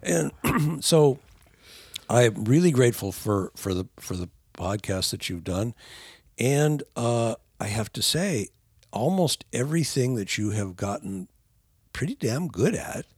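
An older man talking with his son on a podcast in casual conversation, halting with restarts and growing animated. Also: medium pitch, slightly rough, dry recording, clean studio sound. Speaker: podcast guest, father of the host.

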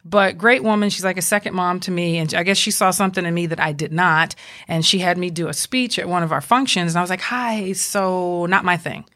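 A young adult woman with a Southern accent, a police officer telling her story in a casual interview, animated and quick to laugh. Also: lowish voice. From Georgia, US. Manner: animated, talks with her hands, laughs often.

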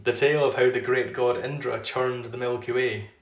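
Male podcast host doing an unhurried literary reading, mid-pitched voice, roomy and slightly muffled recording. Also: fairly even intonation. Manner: measured, unhurried reading; loose and filler-heavy when chatting.

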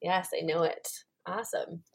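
A woman's voice: fairly low pitch, normal speed, creaky. A woman hosting a casual podcast interview, chatty and reassuring. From Canada. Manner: relaxed and reassuring, chatty, laughs easily. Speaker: podcast host.

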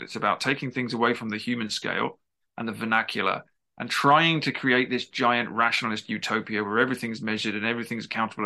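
Man, author guest, quick-talking, forceful voice, emphatic, restarts often. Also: fairly low pitch. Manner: discursive, emphatic, with frequent restarts. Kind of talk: conversational interview.

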